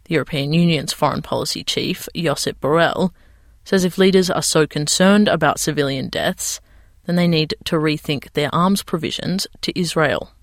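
A male news reporter reading a voice-over in an even, measured way. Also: a little high, no echo, studio quality.

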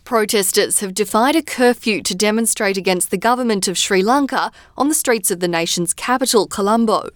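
A woman presents a radio news bulletin, her delivery measured and even. Her voice sits in a middle register and is recorded close and dry in a studio booth. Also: medium pitch, no room sound. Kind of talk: scripted news bulletin reading.

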